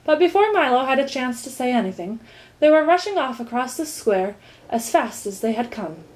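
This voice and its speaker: A woman narrating a children's storybook in a lively, expressive way. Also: high voice, normal speed, low-quality recording. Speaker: reader.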